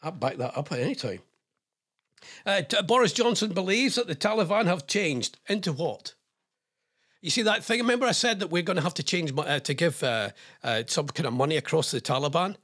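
Husky radio presenter, rambling. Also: male voice, sits high, fairly quick, a bit bright. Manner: rambling, jokey asides. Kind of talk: casual radio chat reading out news items.

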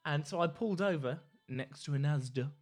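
A man's voice: on the high side, brisk, soft background music. A man co-hosting a casual podcast, telling a story in a camp, gossipy way with lots of laughter. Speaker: podcast co-host. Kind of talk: casual chat.

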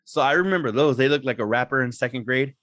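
A man's voice: mid-range voice, fast talker, fairly bright tone, no room sound, studio quality. A man co-hosting a podcast in casual chat, rambling and swearing freely, laughing often. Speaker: podcast co-host.

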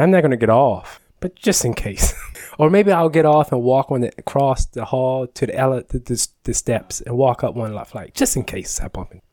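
A man on a podcast, telling a story in a casual, animated way, acting out the dialogue and laughing often. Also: mid-range voice, dry recording.

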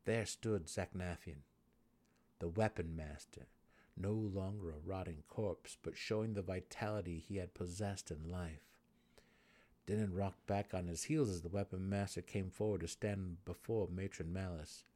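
A man reading a fantasy novel aloud in a dramatic, measured narration. His voice sits fairly low for a man. The read is steady between character voices. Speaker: audiobook narrator.

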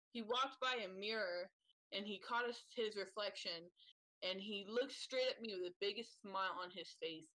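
A woman's voice: mid-range voice, no room sound, poor audio. Woman telling a story about her son. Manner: storytelling, warm about parenting. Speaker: podcast guest. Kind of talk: casual podcast chat.

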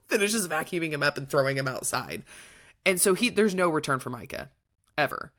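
A woman's voice: lowish voice, lively intonation, a little fast, a bit bright. A young adult woman co-hosting a casual book-review podcast, retelling the plot with animation and acting out the characters' lines. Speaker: podcast co-host.

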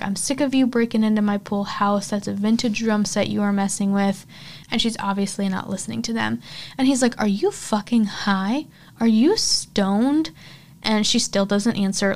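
A woman hosts a horror podcast and walks through a film scene by scene. She talks casually, peppering her retelling with fillers as she goes. Her voice sits at an ordinary middle pitch. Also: creaky, darkish tone. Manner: chatty, filler-heavy retelling.

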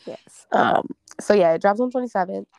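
Young female singer, gravel in her voice, dry close sound; blunt, slangy, laughs easily. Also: mid-range voice, normal speed, darkish tone, no room sound. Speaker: singer promoting her debut EP. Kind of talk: casual interview chat.

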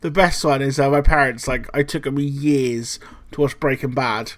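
A man's voice: medium pitch, steady tone, normal speed, a bit bright. A man co-hosting a casual podcast chat, telling family anecdotes and mimicking his parents with some swearing. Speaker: podcast co-host.

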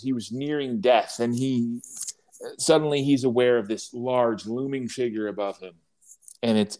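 Wry, halting man telling a tale. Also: on the low side, darkish tone. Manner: halting, many restarts, wry humor. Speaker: podcast co-host. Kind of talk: casual conversation and storytelling.

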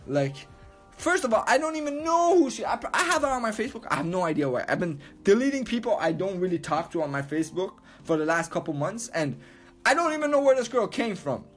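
A man's voice: sits high, big pitch swings, fast, fairly bright tone, soft background music. A young man hosting a podcast, talking casually and launching into crude, profane rants. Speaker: podcast host.

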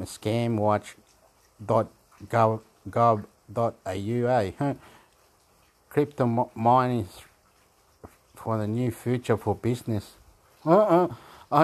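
A man chats his way through whatever is on his screen, reading bits aloud piece by piece. He stumbles, repeats words and jumps into loud exclamations, all in a loose, unscripted manner. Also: medium pitch. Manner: chatty, exclaiming and laughing, halting and repeating words; reads web pages aloud piece by piece. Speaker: vlogger reading websites aloud. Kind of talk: casual rambling commentary.

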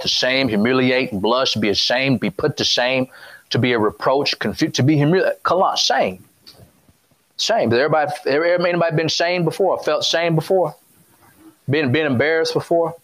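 Male preacher, high-ish voice, casual call-and-response sermon. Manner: conversational, repetitive, call-and-response with congregation.

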